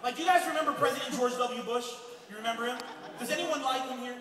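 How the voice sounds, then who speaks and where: A man from Lebanon performing a stand-up comedy set, telling stories in an animated way and acting out other people's voices. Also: very high voice, fast. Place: comedy club stage before a laughing audience. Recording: echoey distant room mic with loud crowd noise.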